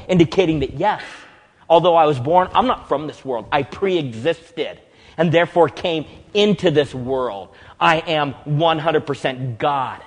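A man's voice: on the high side, animated, unhurried, long reverb tail. A man preaching a sermon as pastor, dramatically acting out quoted dialogue with big swings in volume.

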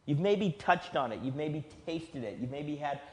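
A man preaching a sermon as pastor, emphatic, slowing down to stress key phrases. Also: fairly high pitch, expressive. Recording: long hall reverb.

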